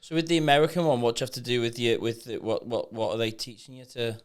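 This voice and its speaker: A man's voice: medium pitch, fairly even intonation, quick pace, clear, resonant tone. A man co-hosting a casual podcast, jokey, repeating words and asking long, rambling questions.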